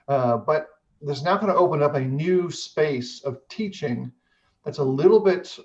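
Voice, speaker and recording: A middle-aged man hosting a casual chat, speaking in a measured way with frequent hesitations. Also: fairly high pitch, darkish tone. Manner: measured, many "uh" fillers. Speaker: host. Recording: dull lo-fi audio.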